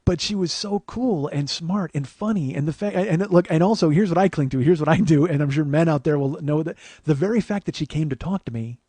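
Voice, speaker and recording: A man in his forties telling a long personal story as host, profane, animated and self-mocking. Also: a little high, brisk, hardly any pauses, slightly rough, no room sound. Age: 40s. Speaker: podcast host.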